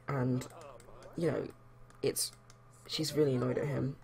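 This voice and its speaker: A woman's voice: very deep voice, fairly even intonation, measured pace, creaky, darkish tone. A young woman chatting casually as a let's play host, rambling with lots of fillers. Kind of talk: casual game commentary.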